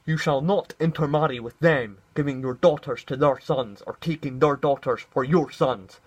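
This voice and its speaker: A man's voice: mid-range voice, husky, natural voice. A man voicing a stern, commanding male God, reading scripture in a raised, declamatory tone.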